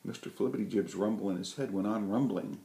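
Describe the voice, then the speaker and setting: A man reading a children's story aloud with a gentle, lively delivery. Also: on the low side, fast talker, creaky. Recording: roomy echo.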